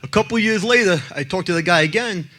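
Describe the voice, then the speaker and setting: A man's voice: high-pitched, expressive, fast talker, bright, forceful tone, a little hiss or hum. A man speaking to an audience as a child abuse prevention advocate, telling blunt stories with jokes and acting out the people in them. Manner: blunt and brash, acts out other people in his stories. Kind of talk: blunt talk with joking stories.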